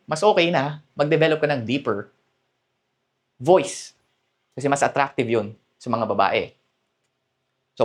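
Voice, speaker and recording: Filipino male dating coach, mid-pitched, conversational teaching delivery with frequent check-ins. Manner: mixes Tagalog and English, repeats "okay?" to check in. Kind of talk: coaching talk to camera.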